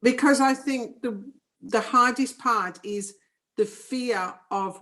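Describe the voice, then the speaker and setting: Frank New Zealand woman, higher voice. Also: takes it slowly, sharp tone. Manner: frank, firm and matter-of-fact. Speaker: psychic medium guest. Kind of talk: casual interview chat.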